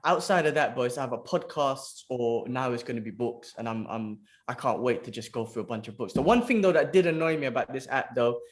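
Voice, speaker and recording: Man, podcast co-host, casual chat, animated storyteller, swears a lot, says bro. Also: medium pitch, a little fast, hardly any pauses.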